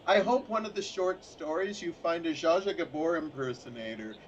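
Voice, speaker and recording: A man's voice: a little high, moderate pace, dull audio, a little hiss or hum. A man hosting a talk show, chatting casually and laughing often. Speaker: show host. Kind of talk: casual chat.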